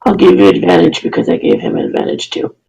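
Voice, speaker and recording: A dungeon master narrating a tabletop game, often pausing and correcting themselves mid-sentence. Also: mid-range voice, huge pitch swings, creaky, mellow, slightly rough, poor audio. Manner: halting, self-correcting narration.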